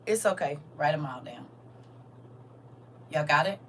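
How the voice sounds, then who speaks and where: A woman's voice: low-pitched, a little slow, a bit bright, distant mic, slight background noise. An older woman leading a casual livestream Bible lesson, chatting and teasing her viewers as she teaches. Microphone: phone.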